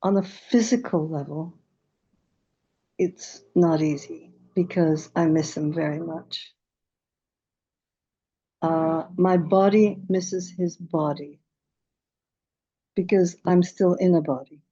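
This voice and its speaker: A woman, a medium and author, telling stories calmly and reflectively in an interview, with small stumbles. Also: on the low side, slow pace, long pauses, husky, muffled recording. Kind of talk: conversational interview.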